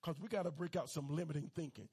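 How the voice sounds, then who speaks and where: A man's voice: a little high, quick pace, mellow, breathy edge. A male pastor preaching a fervent sermon, calling on his congregation to repeat lines back to him. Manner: fervent, call-and-response preaching.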